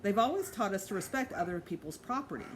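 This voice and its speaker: Expressive woman reading a children's book. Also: medium pitch, fast, a little hiss or hum. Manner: expressive storytelling. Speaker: teacher.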